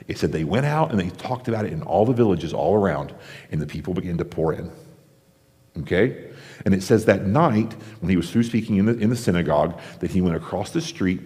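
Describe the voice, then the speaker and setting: A pastor delivering a sermon in a conversational way, acting out the crowd's reactions, from the United States. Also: male voice, sits low, darkish tone. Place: large theater-style church auditorium. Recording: long hall reverb.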